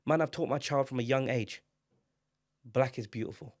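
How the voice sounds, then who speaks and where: A man, co-hosting a casual podcast, emphatic and animated, climbing to loud exclamations. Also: medium pitch, normal speed, dry recording, clean studio sound. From England. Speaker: podcast co-host.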